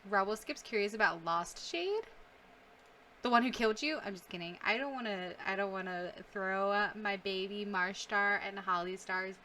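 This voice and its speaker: Playing through a game on her channel, a young woman comments casually and emotionally, gasping, sighing and laughing aloud. She talks at a moderate pace with few pauses in a pushed, bright mid-range voice, over slight background noise.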